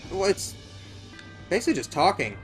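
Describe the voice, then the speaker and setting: Man, let's play banter, jokey, lively melodic speech. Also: high-pitched, normal speed, soft background music. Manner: joking, laughing, lively back-and-forth. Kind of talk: casual gaming commentary.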